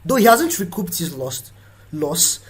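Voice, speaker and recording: A young man with a Nigerian accent delivers a motivational live talk, his voice a little husky and breathy. He speaks in an animated way and slips into playful voices for the people he describes. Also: a little high, a little slow, rough recording. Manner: animated, acts out quoted voices. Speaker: host.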